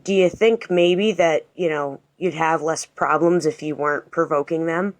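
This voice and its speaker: A woman voicing an adult male police officer who asks calm, patronizing questions. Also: deep voice, normal speed, close to an everyday voice. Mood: probing.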